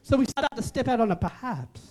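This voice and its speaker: High-voiced emphatic male preacher. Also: expressive, brisk, a little mellow. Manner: emphatic, repetitive, jokey preaching. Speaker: pastor. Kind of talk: sermon.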